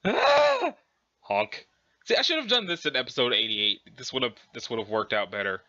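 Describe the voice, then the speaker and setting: A man's voice: mid-range voice, huge pitch swings, quick pace, sharp tone, highs cut off. A man reading a web comic aloud, with sardonic, profane commentary. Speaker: comic reader.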